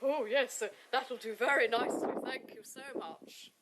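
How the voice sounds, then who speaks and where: A woman voicing a sharp-witted mayor's wife who speaks drily and teases her husband. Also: fairly high pitch, steady tone, moderate pace, noisy background, lightly acted. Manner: dry, gently teasing.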